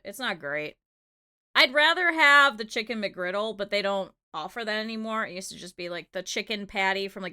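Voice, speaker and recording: A woman's voice: mid-range voice, sharp tone, no echo, studio quality. A young adult woman streaming a casual reaction chat, rambling and often breaking into giggles. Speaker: VTuber streamer.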